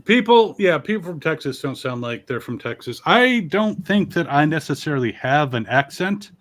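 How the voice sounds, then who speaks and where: A man from Connecticut co-hosts a loose, joking toy chat over a video call. His voice sits a touch high, and he rambles in a neutral, broadcaster-style delivery. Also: big pitch swings, normal speed, a bit bright. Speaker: toy reviewer, co-host. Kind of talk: casual livestream chat.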